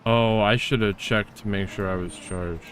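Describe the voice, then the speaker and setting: A man's voice: fairly low pitch, moderate pace, clean tone. A man streaming a game, casually talking to himself as he plays. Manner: relaxed, talking to himself while playing. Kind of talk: casual gaming commentary.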